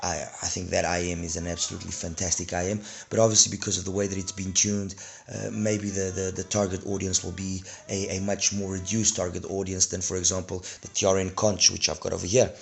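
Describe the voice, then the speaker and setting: Hoarse, very deep, gravelly-voiced man. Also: little pitch movement, brisk. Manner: rambling, many restarts and fillers. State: hoarse from a throat infection and cold. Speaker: earphone reviewer. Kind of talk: casual product review.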